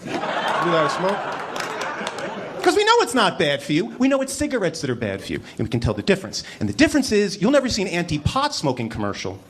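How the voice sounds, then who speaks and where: A man doing a stand-up comedy set on a club stage, animated and mock-incredulous, acting out little voices as he tells his stories. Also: high voice, fast. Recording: live club recording with crowd noise. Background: audience laughter.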